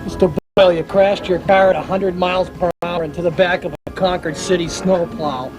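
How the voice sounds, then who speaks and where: A man's voice: high voice, fairly quick, over music, voice pushed up, lightly acted, rough recording. A man doing a stern, blunt state trooper. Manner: formal, flat, insistent.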